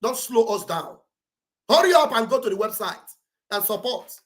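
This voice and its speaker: A Nigerian man with a booming voice rallies listeners on a livestream, his English laced with Pidgin. He talks in a high register and pushes his appeals to a shout, like a preacher at a pulpit. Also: expressive, moderate pace. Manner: loud, preachy, shouting exhortations. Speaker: livestream commentator. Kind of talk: impassioned livestream address. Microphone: streaming setup mic.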